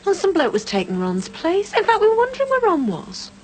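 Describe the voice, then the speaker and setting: An actress playing a brisk, chatty mother in a TV soap. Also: extremely high pitch, huge pitch swings, slight background noise, heavily acted. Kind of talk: 1990s TV soap acting.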